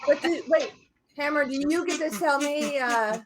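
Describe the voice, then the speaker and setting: A woman's voice: high voice, normal speed, background noise. A woman co-hosting a cooking livestream in casual chat, joking at her own expense and laughing often. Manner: self-mocking and laughing. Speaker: co-host.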